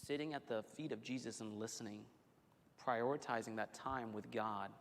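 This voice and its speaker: A male pastor preaching a sermon in a church, telling the story in an animated, conversational way with frequent restarts. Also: medium pitch, normal speed, slight background noise. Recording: long hall reverb.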